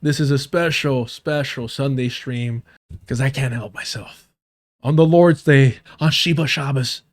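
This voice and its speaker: A man's voice: mid-range voice, a little slow, a little mellow. A man commenting on a live stream in a heated, sarcastic and profane way. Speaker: streamer reacting to a debate.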